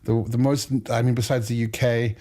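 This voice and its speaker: A man in mid pitch hosting a relaxed livestream chat. He rambles through stories, jokes at his guests and laughs a lot. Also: moderate pace. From Australia. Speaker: livestream host.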